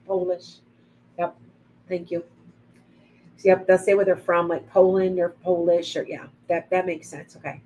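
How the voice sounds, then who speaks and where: A woman's voice: fairly low pitch, level tone, unhurried, long pauses, mellow, a little hiss or hum, rough recording. A middle-aged woman giving rambling psychic readings on a live stream. She greets viewers by name as she goes. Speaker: psychic medium.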